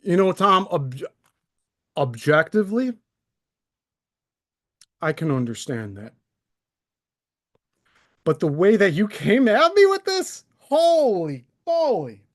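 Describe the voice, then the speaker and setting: A man's voice: high-pitched, sing-song, takes it slowly, pauses often. Aggrieved man ranting on a live stream. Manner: aggrieved, sarcastic, mocking impressions.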